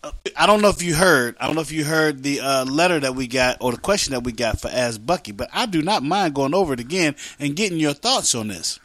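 A high-pitched man with a bright, forceful voice hosts a loose comedy radio show. He stammers through restarts and breaks into laughter often. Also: expressive, fairly quick. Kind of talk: casual comedic radio chat.

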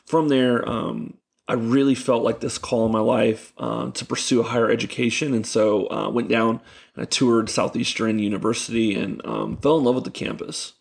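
Gravelly-voiced man telling stories. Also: medium pitch, normal speed. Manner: animated, laughing storyteller with many fillers. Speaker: youth pastor, podcast guest. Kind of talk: casual storytelling chat.

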